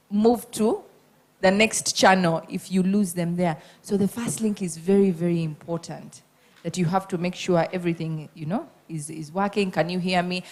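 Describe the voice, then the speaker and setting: An animated woman gives feedback as a judge at a radio contest. Her voice sits a little low, and she leans hard on her main points and repeats them. She speaks like an experienced radio host coaching newcomers. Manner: animated, emphatic, repeats key points, acts out examples.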